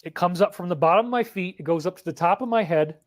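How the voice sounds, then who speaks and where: A man's voice: high voice, fast talker. A man earnestly telling a dramatic spiritual story about his own experience. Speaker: spiritual speaker. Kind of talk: emotional personal storytelling.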